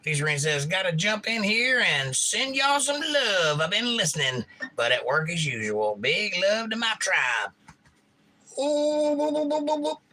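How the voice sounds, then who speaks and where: A man hosting a relaxed livestream, reading out viewer comments in a laid-back, murmured way with quick bursts. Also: high-pitched. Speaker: livestream host and singer-songwriter. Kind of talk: casual chat reading viewer comments aloud. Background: acoustic guitar playing.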